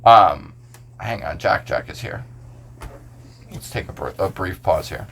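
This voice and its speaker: A man's voice: low voice, animated, unhurried, gravelly, background noise. A man, a pastor, talking casually on a podcast, explaining scripture verse by verse with a loose, filler-heavy manner.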